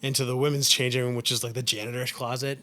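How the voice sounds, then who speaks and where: A man's voice: medium pitch, flat delivery, quick pace, bright, forceful tone. A man co-hosting a podcast, casually retelling a film plot in a rambling way, full of fillers. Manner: rambling, leans heavily on "like" and "um". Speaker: podcast co-host.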